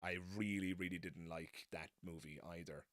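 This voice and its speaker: A man's voice: sits low, steady tone, normal speed, a bit bright, dry recording, clean studio sound. A man hosting a live stream, chatting casually and self-deprecatingly, wandering off into tangents. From not American. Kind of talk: casual rambling live chat.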